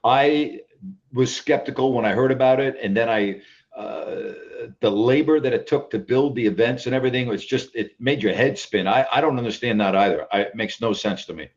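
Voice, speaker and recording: A man hosting a call-in sports talk show, with a voice of middling pitch. He talks emphatically and stumbles over repeated words as he makes his points. The sound is a bit muffled and lo-fi. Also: moderate pace. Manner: emphatic, repeats himself, keeps saying "all right?".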